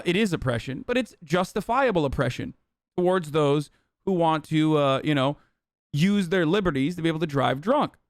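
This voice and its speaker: Male live streamer, higher-pitched, sarcastic and swearing freely, dry close sound. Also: dry recording. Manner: animated, sarcastic, swears often. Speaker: live streamer reacting to chat. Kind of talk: casual profane commentary.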